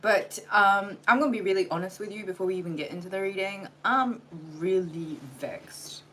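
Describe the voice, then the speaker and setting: A woman's voice: medium pitch, steady tone, fast, bright, forceful tone, rough recording. A tired woman giving a blunt, exasperated livestream tarot reading, lecturing her viewers and swearing freely. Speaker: tarot reader.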